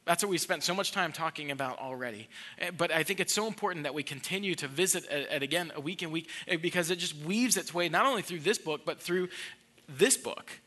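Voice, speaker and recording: A pastor delivers a sermon in a church, pressing his points with earnest emphasis. His voice is bright and forward, sitting a little high for a man. He often repeats a word before pushing on. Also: fast.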